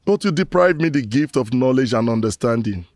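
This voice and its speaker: A man's voice: medium pitch, animated, brisk, darkish tone, no echo, lightly acted. A Nigerian-accented actor playing a disgraced man who solemnly laments to his ancestors in proverbs, in a Nollywood film drama. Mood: pleading.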